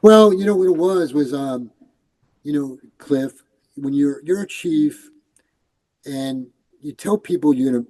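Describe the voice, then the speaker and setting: A man's voice: a little high, a little slow, long pauses, poor audio. An older man from New York, a retired police commander, telling stories in a casual interview and acting out the voices of the people in them. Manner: animated, acts out quoted voices.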